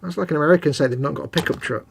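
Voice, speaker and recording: A man's voice: on the high side, racing, gravelly, a little hiss or hum. Chatty man building a model. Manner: jokey, rambling, mocking banter. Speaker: co-host of a model-building stream. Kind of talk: casual chat while building a model kit.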